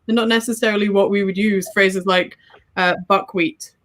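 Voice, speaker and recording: A woman's voice: mid-range voice, steady tone, moderate pace, fairly bright tone. Teasing woman on a video call. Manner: teasing, hesitant, many fillers. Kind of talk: casual livestream chat.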